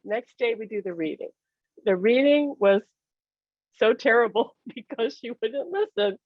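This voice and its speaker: A woman speaking as a psychic medium guest, telling personal stories in an animated way, laughing often and acting out the dialogue she recounts. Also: on the high side, measured pace, dry recording, narrow, tinny audio.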